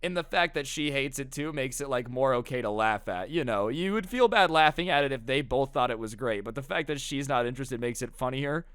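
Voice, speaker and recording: A young man narrating a casual storytime, animated and slangy, talking straight to his viewers. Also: mid-range voice, brisk, few pauses, smooth, dry recording, clean studio sound.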